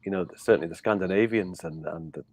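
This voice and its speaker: A middle-aged man from Liverpool with a softened Scouse accent, rambling in casual chat with many restarts. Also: low voice, fast. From Liverpool, England. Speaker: guest.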